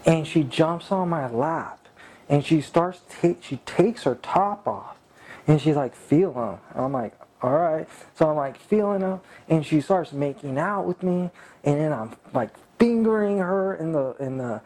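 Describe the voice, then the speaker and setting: A man from California telling a casual anecdote in a boastful, profane, animated way. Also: a little high, unhurried. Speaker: storyteller.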